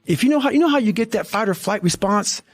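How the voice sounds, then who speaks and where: A man's voice: high-pitched, lively intonation, quick pace, soft background music. A middle-aged man telling a story as a podcast guest, intense, blunt and full of profanity. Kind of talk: casual storytelling in a podcast interview.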